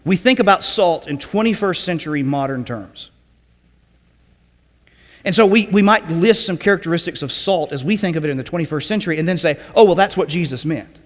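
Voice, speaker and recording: A man preaching a sermon in a conversational teaching way, often checking in with "okay?" and clearing his throat. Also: on the high side, fairly quick, big-room sound. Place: church sanctuary.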